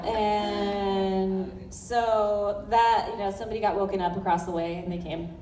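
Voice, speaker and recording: A woman's voice: medium pitch, steady tone, measured pace. A woman from Los Angeles, a convention panel guest, telling chatty, giggly stories full of fillers. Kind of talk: animated storytelling at a fan panel. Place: large convention hall. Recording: echoey hall from far off, loud crowd noise.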